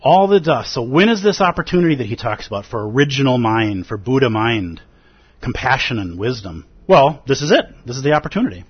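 A man's voice: mid-range voice, lively intonation, a little fast, slightly rough, lo-fi sound. A man giving a dharma talk as a meditation teacher, earnest and pleading, with playful asides.

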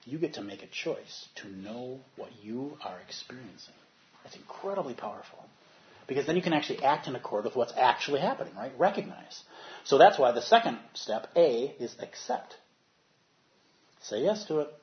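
A meditation teacher gives an animated dharma talk in a medium-pitched voice, recorded lo-fi with a little hiss or hum. He swings from soft, quiet passages to loud bursts as he acts out inner voices.

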